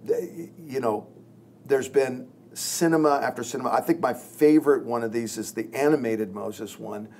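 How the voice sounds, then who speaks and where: A man's voice: medium pitch, normal speed, darkish tone, a little hiss or hum. A man, a pastor, talking earnestly in a podcast discussion and acting out quoted lines as he tells a story.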